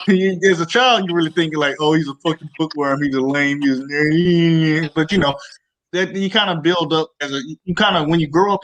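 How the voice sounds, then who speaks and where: A man co-hosting a casual online group chat, talking in a halting way, repeating words as he searches for them. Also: on the high side, a bit bright, rough recording.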